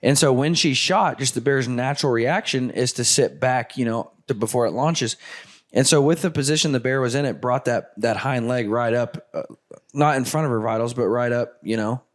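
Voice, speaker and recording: A man hosting a hunting show, retelling a hunt in a casual, animated way with lots of filler words. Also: mid-range voice, moderate pace. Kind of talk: casual storytelling with guests.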